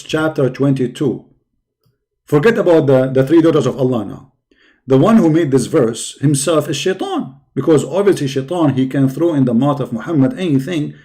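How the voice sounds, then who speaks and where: A man's voice: fairly high pitch, dark tone. A man giving a polemic religious talk, sarcastic and mocking, with heavy repetition for emphasis. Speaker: religious debater.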